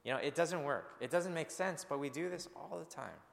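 Gravelly-voiced male pastor preaching. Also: fairly high pitch, animated, a little fast, in a large hall. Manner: earnest, conversational, addresses the congregation directly. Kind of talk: sermon.

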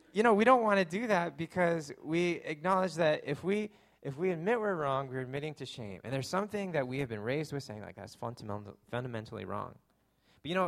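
A young adult man preaching a conversational sermon, joking and filling his talk with fillers. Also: mid-range voice. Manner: conversational, self-deprecating humor with lots of fillers. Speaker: pastor.

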